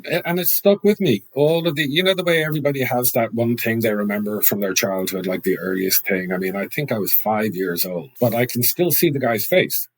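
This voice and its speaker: A man in his fifties with an Irish accent, a podcast guest telling lively stories with frequent restarts. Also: mid-range voice, brisk, hardly any pauses, poor audio. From Ireland. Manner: animated anecdotal talk with frequent restarts. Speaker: guest, sales trainer. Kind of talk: podcast interview, storytelling.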